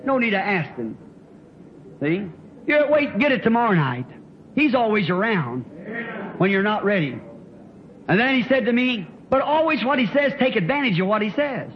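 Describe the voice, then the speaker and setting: A man with a very high, lively voice preaches a revival sermon, spinning folksy stories and breaking into shouts. The recording is muffled and lo-fi, with a faint hiss under it. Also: moderate pace, long pauses. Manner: folksy storytelling, bursts into shouting. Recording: dull lo-fi old sermon tape.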